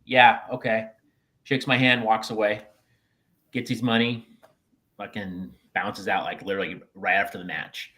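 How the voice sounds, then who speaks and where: A man's voice: lowish voice, moderate pace. A man on a podcast telling a rambling, profane story from his wrestling days, acting out what people said. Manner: animated, profane anecdote-telling with acted-out quotes. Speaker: podcast co-host, former wrestler. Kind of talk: casual storytelling chat.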